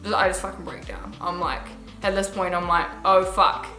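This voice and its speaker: A young woman tells a storytime vlog, swearing freely as she recounts what happened. Her voice is bright and forward, and the room around her echoes. Faint music plays underneath. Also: fairly low pitch, little pitch movement, moderate pace. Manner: swearing, emotional retelling. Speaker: vlogger.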